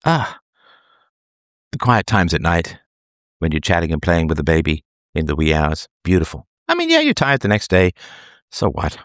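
A low-voiced man holds forth in an opinionated solo monologue. He lectures emphatically with a sarcastic edge, his pitch leaping up for emphasis. The recording is close and dry. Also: wildly swooping pitch, moderate pace, a bit bright, no echo. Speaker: commentator.

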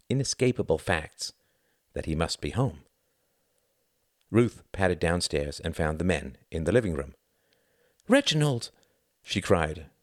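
A man giving expressive scripted narration of a novel. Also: low voice, no room sound, studio quality. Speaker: audiobook narrator.

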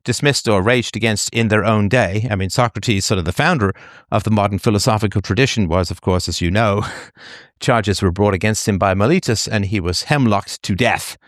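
A man's voice: on the low side, moderate pace, dry recording, clean studio sound. A man, an author, talking at length in a conversational interview, emphatic and digressive with a slightly sardonic edge.

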